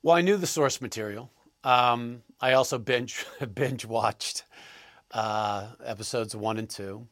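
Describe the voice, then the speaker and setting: A man answering interview questions as an actor guest, halting and thoughtful with many pauses. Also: mid-range voice, a bit bright, no room sound, studio quality.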